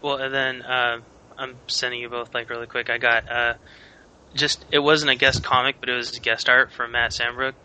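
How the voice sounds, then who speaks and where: A man's voice: mid-range voice, little pitch movement, normal speed, bright, forceful tone, smooth, poor audio. A man from Washington state co-hosting a casual podcast chat, talking eagerly about webcomics. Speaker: podcast co-host.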